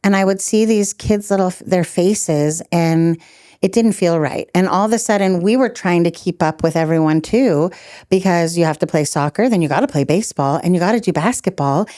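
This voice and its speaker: A middle-aged woman telling stories as a podcast guest, animated, laughing often and acting out quotes. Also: fairly low pitch, moderate pace, no room sound, studio quality. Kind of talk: storytelling in a podcast interview.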